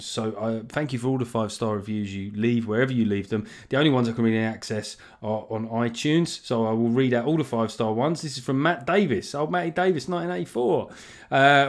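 A man with a South London accent hosting a podcast in a casual, rambling way, joking sardonically and swearing freely. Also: mid-range voice. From England. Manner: rambling with restarts and chuckles. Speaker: podcast host.

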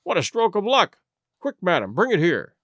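Firm, measured Victorian detective with a lively delivery, voiced by a male narrator. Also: high voice, no room sound, studio quality, heavily acted. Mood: urgent. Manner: firm, measured, brisk when urgent. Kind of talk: audiobook reading.

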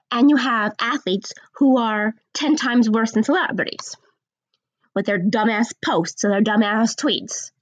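Sarcastic woman ranting at her computer mic, pitch jumps all over, dull dry sound. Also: breathy edge, dry recording. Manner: blunt, sarcastic, mocking; slows down to stress points. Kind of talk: opinion rant to camera.

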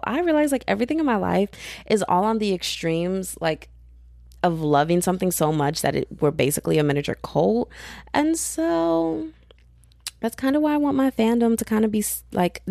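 A young woman from Texas hosting her own podcast in casual, rambling, slangy chat that keeps jumping up in pitch when she gets excited. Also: creaky, no echo, clean studio sound. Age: young adult. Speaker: podcast host.

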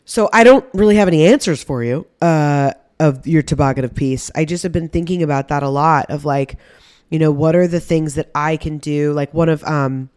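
A woman podcast host, heavily pregnant, reflecting out loud in a candid, casual way and swearing freely. Her voice sits fairly low for a woman. It is recorded close and dry, with no room around it. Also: normal speed, clear, resonant tone, no room sound. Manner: candid and conversational, swearing casually, many fillers.

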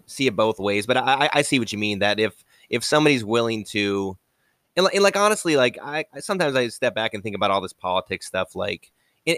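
A man hosting a casual talk show, speaking haltingly with many restarts and frequent agreement. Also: lowish voice, sharp tone, no echo, clean studio sound. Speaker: podcast host. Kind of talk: casual chat.

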